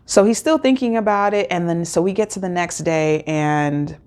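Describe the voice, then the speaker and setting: The host, a woman with a somewhat low, smooth and slightly mellow voice, goes over an episode at an ordinary pace. Her easygoing recap wanders, full of filler words and restarts.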